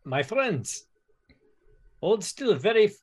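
A man's voice: sits high, sing-song, slow, breathy edge, heavily acted. A man voicing an earnest mystic character who speaks formally to his friends. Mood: solemn.

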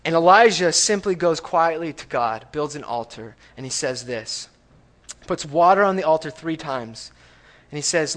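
A man preaching a sermon in a church, talking in a conversational way and checking in with the congregation, going from loud emphatic lines to hushed reading. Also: fairly high pitch, lively intonation, moderate pace. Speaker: pastor. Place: church sanctuary.

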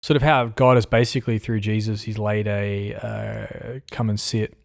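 A man who is a pastor, answering questions in a casual interview, thoughtful and halting, with many fillers. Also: on the low side, little pitch movement, vocal fry.

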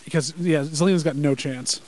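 A man chatting on a podcast with friends, talking fast and tumbling from one thought to the next. His voice sits a little high for a man, and he gets eager and a bit crude now and then, like a fan hanging out on a call. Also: a little mellow, poor audio. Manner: rapid, enthusiastic rambling with profanity. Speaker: podcast co-host. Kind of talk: casual live-reaction chat.

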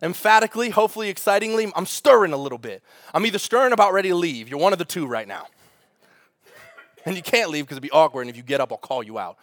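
A man with a high, light voice delivers a sermon. He preaches in an animated, conversational way, tossing rhetorical questions to the congregation. The sound is close and dry. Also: quick pace, no room sound. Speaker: pastor.

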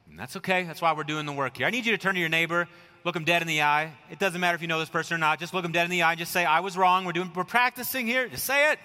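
A male pastor in his forties preaches to his congregation in a conversational, questioning way. His voice sits a little high for a man and carries a forceful edge. The sound rings out with a long reverb from a big church hall. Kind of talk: sermon.

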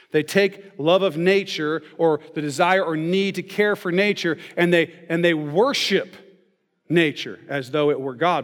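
A man giving a sermon in a conversational way, often checking in with "okay?" and "right?". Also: sits high. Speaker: pastor. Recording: long reverb of a large hall.

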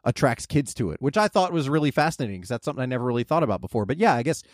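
A man's voice: mid-range voice, very fast, dry recording, studio quality. A man in his thirties, chatting animatedly on a podcast, who likes to imitate people. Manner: animated, does impressions. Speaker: podcast co-host. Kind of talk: casual chat.

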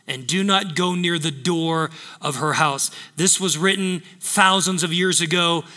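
A man's voice: on the high side, unhurried, bright, forceful tone, in a large hall. A man preaching a sermon, emphatic, repeating phrases to drive points home. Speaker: pastor.

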